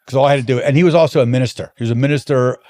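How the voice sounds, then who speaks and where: Racing along at medium pitch, this man, a wine importer on as a guest, spins long stories during a relaxed interview. He's animated and keeps breaking off to start his sentences over.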